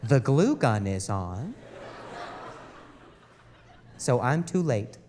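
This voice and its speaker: A male stand-up comedian telling an exasperated story on stage, animated and stammering over repeated words, into a handheld mic. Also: medium pitch, drawn-out words, long reverb tail, background noise.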